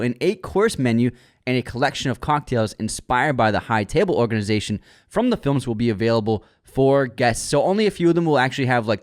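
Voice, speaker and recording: A young man co-hosting a podcast, reading out entertainment news and joking around in casual chat. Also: mid-range voice. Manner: playful, reads news items, jokes around. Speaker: podcast co-host.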